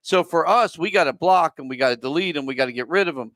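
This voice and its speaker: A man hosting a casual podcast chat for his theater, telling stories in a profane, animated rant. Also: a little high, quick pace, dry recording. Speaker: theater venue host.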